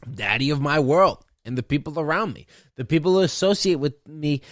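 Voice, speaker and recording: A man's voice: fairly high pitch, lively intonation, brisk, no room sound, studio quality. A young man hosting a solo podcast, ranting in a profane, boastful, rambling way. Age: young adult. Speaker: podcast host.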